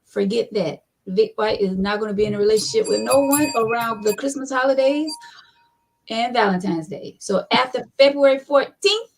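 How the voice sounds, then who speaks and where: A woman's voice: a little high, moderate pace, vocal fry, a little hiss or hum, low-quality recording. A woman co-hosting a casual chat show, teasing and playful. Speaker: podcast co-host.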